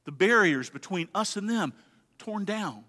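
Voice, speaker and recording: A man preaching a sermon as a pastor, swinging between hushed, quiet stretches and emphatic passages. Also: high-pitched, lively intonation, unhurried. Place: church sanctuary. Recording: long reverb of a large hall.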